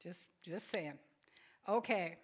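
A woman preaching a sermon in a conversational way, asking the congregation questions and adding quiet, joking asides between emphatic statements. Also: lowish voice, slow pace, slightly rough. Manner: swings from emphatic declarations to soft, quiet asides.

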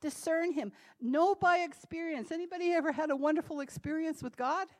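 A woman preaching to a congregation with a slightly high voice. She talks to them like friends, with laughing asides and dramatic pauses. Her loudness swings from soft, drawn-out lines to sudden shouted commands. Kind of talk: sermon.

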